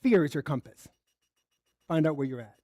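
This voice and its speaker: A man's voice: fairly high pitch, animated, moderate pace, dark tone, dry recording, studio quality. A man giving a candid, conversational sermon built on personal stories at a spiritual center service, acting out the dialogue as he goes. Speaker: spiritual speaker.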